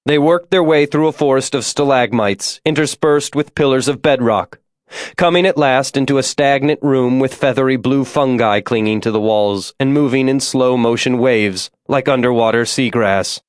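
Measured male audiobook narrator. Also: mid-range voice, no echo, studio quality. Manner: measured, tense storytelling. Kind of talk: scripted narration.

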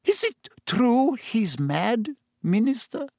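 A man voicing a curious, fretful female innkeeper in a storybook reading, lifting his voice high for her questions. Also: sing-song, slow, gravelly, a little mellow, no echo, studio quality, full character voice. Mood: hushed.

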